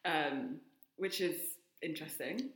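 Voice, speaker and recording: A woman co-hosting a podcast in casual chat, making quick asides and laughing often. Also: low voice, roomy sound. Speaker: podcast co-host.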